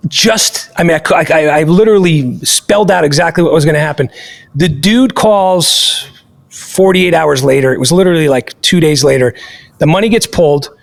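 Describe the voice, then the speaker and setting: A man with a high, gravelly voice hosts a podcast and tells a story casually. He talks in an animated, emphatic way and swears freely. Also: normal speed. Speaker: podcast host.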